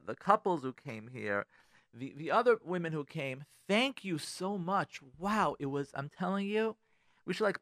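Animated rabbi hosting a radio show. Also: male voice, fairly high pitch, dry recording, studio quality. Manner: animated, repeats words, restarts sentences. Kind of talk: casual radio talk. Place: radio studio.

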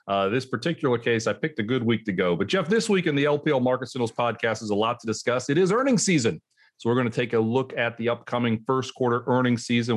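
A middle-aged man hosting a podcast, chatting casually and telling a long story with lively restarts. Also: mid-range voice. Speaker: podcast host.

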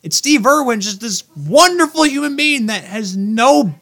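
Animated young man ranting on a podcast. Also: extremely high pitch, measured pace. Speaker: podcast co-host. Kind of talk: casual sports podcast banter.

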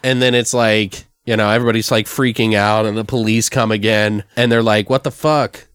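A man's voice: fairly low pitch, little pitch movement, fairly quick, noisy background. A man in casual conversation, brainstorming a story plot and rambling with lots of "like" and restarts.

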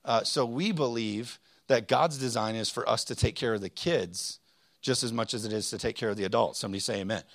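A man's voice: mid-range voice, a little fast, fairly bright tone, no echo, studio quality. A man in his thirties preaching a sermon, telling a personal story with plenty of fillers and self-deprecating asides. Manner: rambling, self-deprecating, frequent fillers and restarts. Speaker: pastor.

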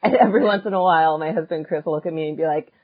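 A woman co-hosting a podcast, telling a funny story in casual chat, animated and laughing often. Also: sits low, rapid-fire, phone-quality sound. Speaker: podcast co-host and musician.

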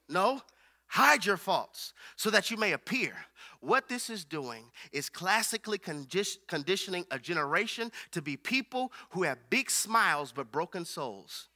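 A man's voice: high voice, sing-song, a little slow, bright, forceful tone. A man preaching a sermon who builds rhythmic repetitions and calls on the congregation to respond.

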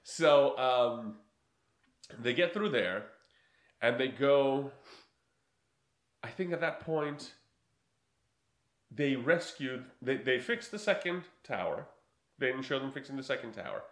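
A man's voice: medium pitch, takes it slowly, long pauses. Man, casual film recap chat, laughing storyteller, roomy echo. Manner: animated, laughing, acts out lines in funny voices.

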